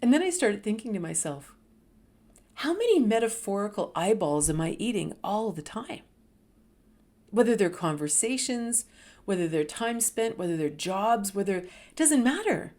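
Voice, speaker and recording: A middle-aged woman telling a personal story, animated and dropping to whispers for emphasis. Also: mid-range voice, moderate pace. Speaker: host.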